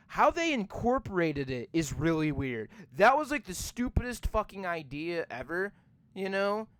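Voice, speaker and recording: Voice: mid-range voice, a bit bright. A podcast host giving a rambling, profane rant while reviewing a movie. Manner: ranting, profane, rambling with many fillers.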